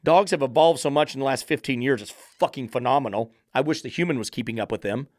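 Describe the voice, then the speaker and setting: A man's voice: mid-range voice, fast talker, darkish tone, no room sound, studio quality. A man who trains dogs and hosts a podcast, ranting in a blunt, profane, emphatic monologue. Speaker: dog trainer and podcast host.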